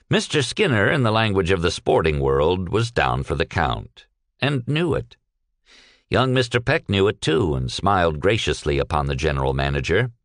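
A man narrating a story in a measured, expressive way. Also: low voice, no echo, clean studio sound. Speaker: audiobook narrator.

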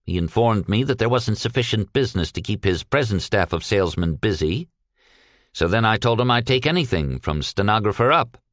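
A man's voice: on the low side, expressive, brisk, no echo, clean studio sound, voice pushed up, close to an everyday voice. A man reading aloud and voicing a cheerful young veteran who speaks earnestly and politely. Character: cheerful young one-armed ex-soldier.

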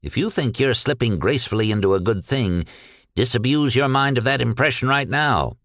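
A man's voice: mid-range voice, lively intonation, moderate pace, a bit bright, no echo, clean studio sound, voice pushed up. A man reading aloud and voicing a shrewd, genial retired old businessman who talks in a purring, folksy way. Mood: stern.

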